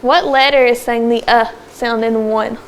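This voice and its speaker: High-voiced woman teaching a class. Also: steady tone, slight background noise. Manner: encouraging, brisk, calls on pupils by name. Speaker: second grade teacher. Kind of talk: classroom phonics lesson. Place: classroom with children.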